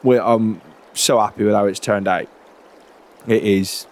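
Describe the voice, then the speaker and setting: A man, chatting in a relaxed, rambling way during a farming game roleplay. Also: fairly low pitch, unhurried. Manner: relaxed, chatty, many fillers and restarts. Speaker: roleplay creator.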